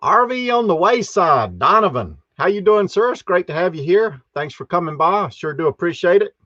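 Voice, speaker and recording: Man, folksy live-stream host, slightly high voice, dry dull audio. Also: big pitch swings, normal speed, pushed and bright, no room sound. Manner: folksy, greets chat viewers one by one.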